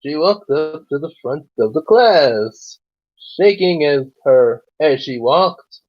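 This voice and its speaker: Slow, rambling male storyteller. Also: on the high side, animated, highs cut off. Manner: rambling asides, many "you know"s. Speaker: storyteller and host. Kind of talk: casual story reading with commentary.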